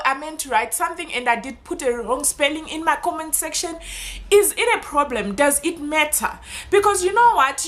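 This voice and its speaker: Passionate high-voiced woman vlogger. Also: a bit bright. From southern Africa. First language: Shona. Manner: passionate, emphatic, rhetorical questions. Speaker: YouTuber. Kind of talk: casual vlog talking to camera.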